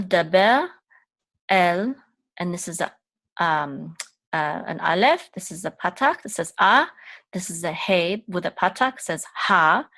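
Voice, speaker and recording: Slow patient woman teaching Hebrew. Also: a bit bright, dry recording. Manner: patient, repeats syllables, chants cantillation in a higher voice. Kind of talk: slow lesson, sounding out letters and chanting.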